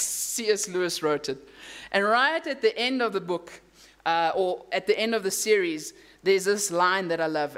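Animated preacher with hushed drops. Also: medium pitch, clean tone. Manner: animated storytelling with emphatic rises and hushed drops; casual asides and self-corrections. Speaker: pastor. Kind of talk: sermon.

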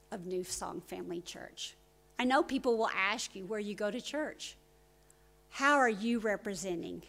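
A woman preaching a church sermon, telling stories and voicing quotes with lively swings in loudness. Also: medium pitch. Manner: storytelling with voiced quotes, lively shifts in loudness.

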